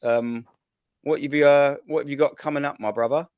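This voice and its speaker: Quick slangy host guy, swears a lot, dead dry mic. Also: fairly high pitch, fairly even intonation, a little mellow, clear, resonant tone, no echo, lo-fi sound. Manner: fast slangy banter, swears. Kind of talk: casual live-stream chat.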